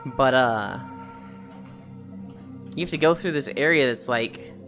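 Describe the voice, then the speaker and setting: A man's voice: medium pitch, takes it slowly, fairly bright tone, soft background music. A man streaming while walking, chatting casually about a video game with lots of fillers and casual swearing.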